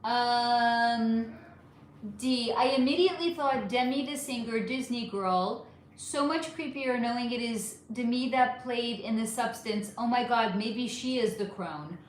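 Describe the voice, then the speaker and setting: A woman's voice: a little high, unhurried, a little hiss or hum. A woman hosting a casual livestream, chatting animatedly and answering viewer comments one by one. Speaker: livestream host reading chat. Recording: echoey room.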